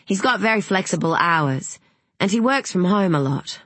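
A woman's voice: medium pitch, lively intonation, a bit bright, no room sound, voice pushed up. A narrator voicing an outspoken, hot-tempered woman, mother of young kids. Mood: chatty. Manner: emphatic, quick to flare up.

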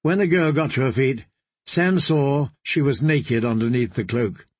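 A man narrating an audiobook in a steady storytelling manner, close to the mic. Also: mid-range voice, unhurried, slightly rough, no echo. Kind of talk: scripted narration.

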